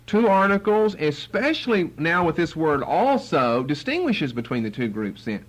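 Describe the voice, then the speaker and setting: A man's voice: on the high side, poor audio. A man teaching the Bible verse by verse, acting out the quotes with sarcasm. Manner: animated, acts out quotes with sarcasm.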